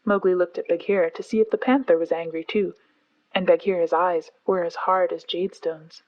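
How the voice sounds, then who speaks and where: A woman narrating a classic story aloud as a calm audiobook for sleep. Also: lowish voice, a little fast, highs cut off.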